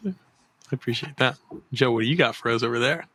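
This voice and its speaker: A male podcast host with a mid-range voice leads a casual interview and responds with steady mm-hmms. His sound is dry and close. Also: medium pitch, fairly quick, no echo. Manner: attentive, frequent mm-hmms.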